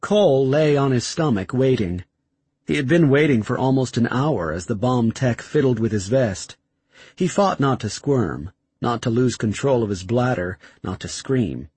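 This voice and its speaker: A man narrating an audiobook in a measured, expressive reading style. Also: mid-range voice, husky, no room sound.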